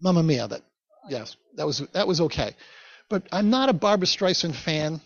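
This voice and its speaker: A man's voice: a little high, big pitch swings, normal speed, no room sound. Male pastor, conversational storytelling sermon, dry close sound. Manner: conversational, chatty asides to the congregation. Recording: dull, dry recording.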